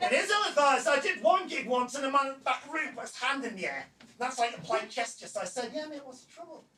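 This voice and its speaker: A man in his forties performing a stand-up comedy set on a club stage, with a punchy delivery that often breaks into a shout. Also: extremely high pitch, lively intonation, fast. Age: 40s. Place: comedy club stage before a live audience. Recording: echoey club room miked from a distance, loud crowd laughter.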